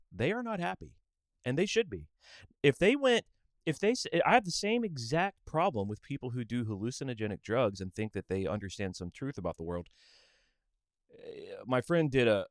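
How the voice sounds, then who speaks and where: Low-voiced, argumentative podcast man. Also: no room sound, clean studio sound. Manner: argumentative, preachy, emphatic. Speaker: podcast co-host. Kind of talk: casual opinionated chat.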